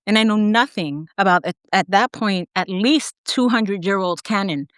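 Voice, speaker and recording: A woman guest on an interview podcast, telling her story with animated asides, quick laughs and acted-out quotes. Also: mid-range voice, clean tone, dry recording, studio quality. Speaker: podcast guest, academic editor.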